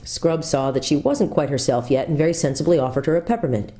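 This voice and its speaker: Woman pastor reading a kids book out loud, low warm voice, lots of up and down. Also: quick pace. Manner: expressive storytelling with lively character voices. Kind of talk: reading a children's book aloud.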